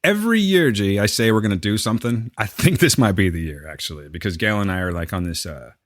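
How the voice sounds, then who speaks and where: A man's voice: lowish voice, expressive, quick pace. A man co-hosting a podcast in casual chat, teasing and joking and swearing freely. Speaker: podcast co-host. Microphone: remote call recording.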